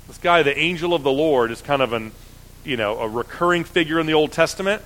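A man preaching, reading scripture aloud and then explaining it in a casual, halting way with frequent fillers. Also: a little high, expressive, a bit bright, rough recording. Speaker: pastor.

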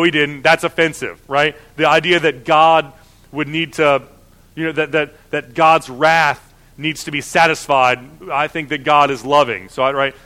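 With a bright, forceful voice on the high side, a man delivers a conversational sermon. He leans on fillers and frequently acts out the mocking voices of people who object.

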